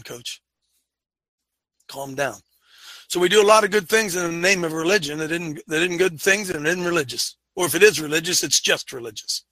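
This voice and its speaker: Fervent, emphatic man with a bright, high voice. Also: no room sound. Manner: fervent, emphatic, at times yelling. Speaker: talk show host. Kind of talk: preachy talk show commentary.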